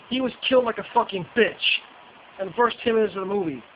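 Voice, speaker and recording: A man's voice: high-pitched, fast talker. A man giving a casual, profane ranting review, repeating himself and restarting sentences. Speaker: movie reviewer. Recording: dull lo-fi with faint hiss.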